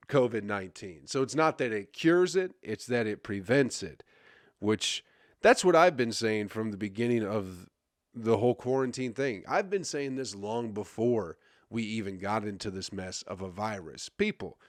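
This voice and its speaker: An American comedian hosts his own podcast, rambling through a crude, self-deprecating casual monologue packed with fillers and stumbles. His voice is medium-pitched, and the studio-quality recording is dry.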